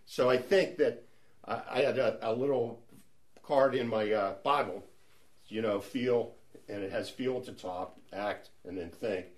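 A man's voice: mid-range voice, unhurried. A middle-aged man leading a church Bible study in a conversational teaching style, chatty and prone to restarts. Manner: chatty, with frequent restarts and asides.

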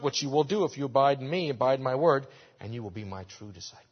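A man preaching a sermon as pastor, earnest, rising to loud emphasis and dropping back to quiet, with frequent restarts. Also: medium pitch, lively intonation, quick pace. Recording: dull sound in a reverberant hall.

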